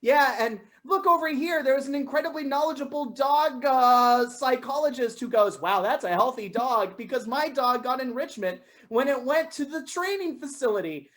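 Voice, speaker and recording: A young woman improv performer playing an excitable dog owner at a park, animated and prone to shouting. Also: high voice, normal speed, hardly any pauses.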